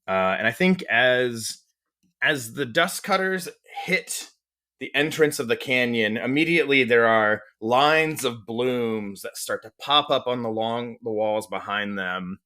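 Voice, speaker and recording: Guy running a tabletop game, bright clear voice, rambles and restarts a lot. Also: medium pitch, a little slow. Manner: descriptive, full of fillers and restarts. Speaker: game master.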